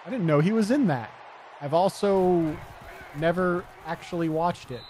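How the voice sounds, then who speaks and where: A man's voice: sits high, normal speed, darkish tone, a little hiss or hum. A man streaming live, chatting casually, rambling and swearing as he answers his chat.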